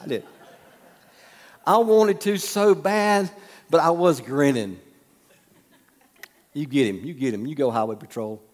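Folksy pastor in a reverberant hall. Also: male voice, medium pitch. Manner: folksy storytelling, humorous asides, drops to a soft hush. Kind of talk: sermon.

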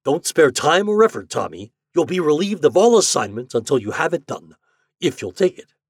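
A man voicing a scheming, chubby male propaganda chief in an audiobook story, pushy and persuasive, pitched a little higher than his narration. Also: big pitch swings, moderate pace, slightly rough, no room sound, studio quality, exaggerated voice. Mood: persuading.

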